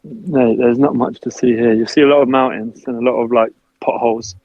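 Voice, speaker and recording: A man's voice: medium pitch, steady tone, fairly quick, no echo, dull audio. A man, a basketball player, chatting casually as a podcast guest, laughing often and acting out what his family says. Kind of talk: casual interview chat.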